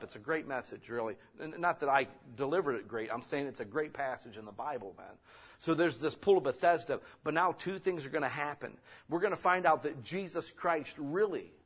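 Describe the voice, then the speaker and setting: A middle-aged man, a pastor, preaching a sermon in a casual, conversational way that swings from quiet asides to loud exhortation. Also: fairly high pitch, breathy edge.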